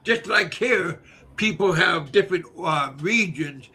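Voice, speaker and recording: An older man hosting his own channel, chatting casually in a halting way, repeating words and pausing on fillers. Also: high voice, animated, bright, forceful tone, breathy edge. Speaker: channel host. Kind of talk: casual livestream chat.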